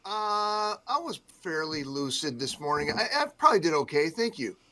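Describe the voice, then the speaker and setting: A man's voice: on the high side, sing-song, normal speed, bright, forceful tone. A man from the Midwest, a news anchor speaking as a guest on a radio show, modest and easygoing, with many fillers. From Midwestern United States. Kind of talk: casual radio chat.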